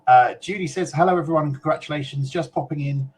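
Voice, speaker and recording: A man's voice: fairly high pitch, fast talker, soft background music, low-quality recording. A man from the UK co-hosting a casual web chat show, reading out viewer comments in a chatty way with fillers and small asides.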